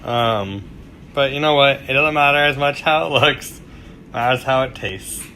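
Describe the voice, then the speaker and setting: Bright-voiced man chatting through a kitchen demo. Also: mid-range voice, measured pace, slight background noise. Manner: chatty and self-deprecating, with fillers and asides. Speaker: cooking show host. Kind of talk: casual cooking demonstration. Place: home kitchen.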